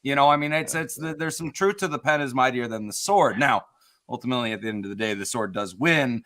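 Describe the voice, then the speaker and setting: A man's voice: mid-range voice, lively intonation, quick pace, fairly bright tone. A man co-hosting a podcast, talking enthusiastically in casual chat. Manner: enthusiastic, musing. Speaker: podcast co-host.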